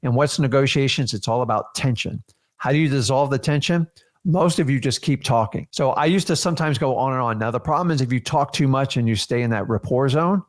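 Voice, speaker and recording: A man teaching a seminar as a real estate coach, talking energetically to his students and firing off rhetorical questions. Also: medium pitch.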